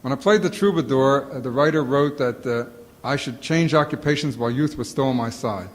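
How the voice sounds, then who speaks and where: A man telling comic stories to an audience in animated bursts, with a sore throat and a lozenge in his mouth. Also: medium pitch, fairly quick, long reverb tail. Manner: animated storytelling, acts out quotes. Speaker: comedian answering audience questions. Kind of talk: casual Q&A talk. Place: auditorium before a live audience.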